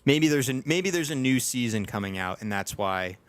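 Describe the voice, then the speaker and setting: In a dry recording, a podcast host with a medium-pitched, lively voice chats casually at a moderate pace. He rambles, restarting sentences often and leaning on fillers.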